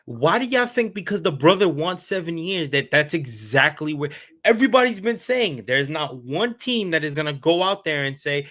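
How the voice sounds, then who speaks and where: A man co-hosting a sports talk show who gets loud, swears and repeats himself as he argues his point. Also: a little high, very animated, normal speed. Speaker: podcast co-host.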